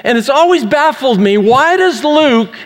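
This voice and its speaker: A man's voice: very high-pitched, animated, a little slow. A man pastor preaching a sermon, telling a story with acted-out sound effects and self-mocking humor. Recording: long reverb of a large hall.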